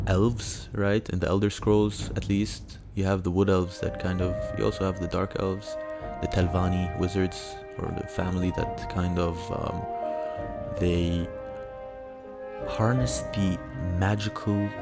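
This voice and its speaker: A man hosting a casual science news podcast, rambling and hesitant with lots of fillers, now and then breaking into high squeals of delight. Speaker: podcast host.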